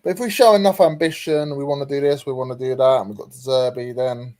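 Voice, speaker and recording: A man hosts a casual livestream chat, reading viewer comments aloud in a chatty, hesitant way with plenty of ums. His voice is mid-range and darkish, steady in tone, and he talks fast.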